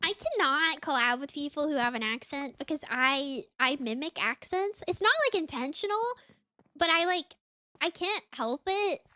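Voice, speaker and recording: Bright high-voiced young Southern woman. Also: normal speed, no echo, clean studio sound. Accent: light Southern US. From US South (Florida, Mississippi). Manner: chatty, rambling, lots of "like". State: sniffly, congested. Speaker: VTuber streamer. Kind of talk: casual gaming stream chat.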